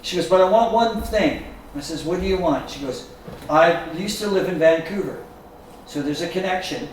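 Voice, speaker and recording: A man's voice: high-pitched, normal speed, slight background noise. A man telling rock-and-roll stories in a casual chat, acting out the voices of the people in his anecdotes. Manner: animated storyteller who acts out quotes. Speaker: guest musician. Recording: echoey room picked up from a distance.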